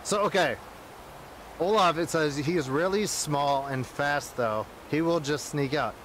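A man's voice: fairly high pitch, measured pace, fairly bright tone, a little hiss or hum. A man streaming a game, chatting casually with friends, rowdy, joking and swearing a lot. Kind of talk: casual live-stream chat.

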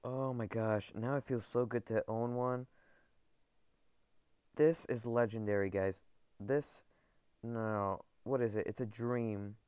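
A man records gameplay commentary in a dry, close-miked sound with no room around his voice. His voice is smooth and clear. He tumbles over his words, stammering and repeating phrases as he talks straight to his viewers. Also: medium pitch, fairly even intonation, takes it slowly, pauses often, a little mellow, dry recording. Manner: overexcited, stammering, repeats himself, addresses viewers as guys. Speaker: gaming video creator.

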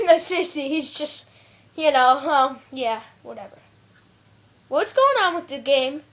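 A woman giving live commentary while playing a shooter game, excitable and often yelling and squealing at the action. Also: sits high, measured pace. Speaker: gameplay video maker. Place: at home playing a video game.

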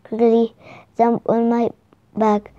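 A kind, calm unicorn from a children's storybook, as a woman reader puts it on. The voice is warm and mellow and slightly high, and it speaks slowly, stumbling now and then. The recording is dry and a little dull. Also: no echo. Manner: slow, halting read with restarts.

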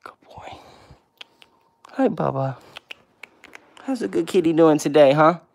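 A man's voice: fairly high pitch, expressive, normal speed, gravelly, darkish tone. A man hosting a casual livestream with viewers, answering comments one by one and cooing baby talk at his pets. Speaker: pet vlog host.

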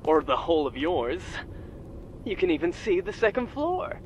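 An actor voicing a calm, wry male explorer in a video game. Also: sits high, normal speed, lo-fi sound, a crowd in the background. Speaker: game character.

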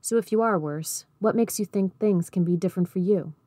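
Woman reading a calm older counselor, probing; dark, mellow tone. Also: mid-range voice, brisk, dry recording, close to an everyday voice. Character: steady caring older man counselor.

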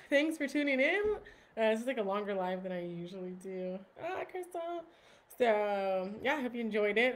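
A woman with a mid-range voice hosts a casual live stream from her phone. She chats with a steady stream of "like" and "um" and greets viewers by name.

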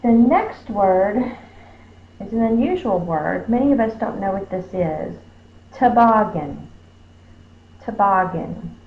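A woman teaching spelling, sounding out words slowly and stretching each syllable. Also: mid-range voice, expressive. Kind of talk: slow phonics lesson. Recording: roomy dull recording with faint hum.

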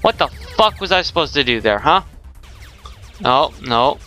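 A man's voice: medium pitch, very animated, measured pace, pushed and bright, soft background music. A young man giving rage gameplay commentary, swearing constantly with exasperated outbursts. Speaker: gaming YouTuber.

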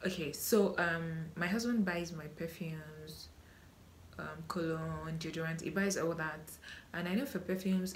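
A woman's voice: fairly low pitch, a little hiss or hum. A young Nigerian woman with a Nigerian accent, chatting casually through a Q&A vlog with many ums and restarts. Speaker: vlogger.

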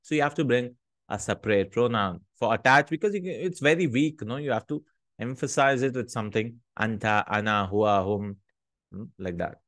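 A man teaching Arabic grammar in English, reading the Arabic text quickly and often checking in with a questioning "hmm?". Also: mid-range voice, fairly bright tone, dry recording, clean studio sound.

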